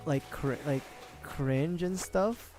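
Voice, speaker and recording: A man's voice: a little high, takes it slowly, a little mellow, soft background music. A young man streaming a game, chatting casually in a rambling way, swearing and laughing often. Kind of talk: casual livestream chat while gaming.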